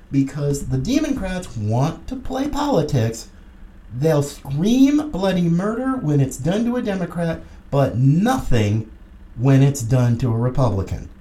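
Middle-aged political podcast host; combative and sarcastic with a mellow voice. Recorded in a roomy, echoey space. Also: medium pitch. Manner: combative and sarcastic, lively emphasis. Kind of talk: political commentary monologue.

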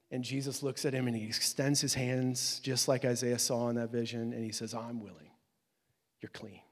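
A pastor preaching a sermon in a casual, conversational way, swinging between loud, high exclamations and soft, low asides. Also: male voice. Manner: casual, conversational preaching with many fillers and restarts. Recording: long hall reverb.

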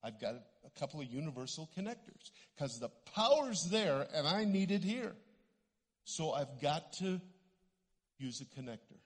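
A man's voice: fairly high pitch, moderate pace. A middle-aged Canadian man preaching a sermon in a church sanctuary, telling stories and acting out the voices in them. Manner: animated storytelling, acts out voices. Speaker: guest preacher. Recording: long church hall reverb.

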